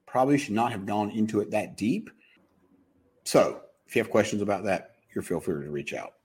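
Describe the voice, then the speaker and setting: A man giving a business advice talk, animated and acting out customer calls in different voices. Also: fairly low pitch, moderate pace, breathy edge. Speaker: business speaker.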